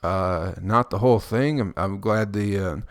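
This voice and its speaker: A man speaks a little slowly in his casual solo podcast monologue, recorded close to the mic with no room sound. Rambling crudely, he jokes, swears often, and imitates people in high, squeaky voices.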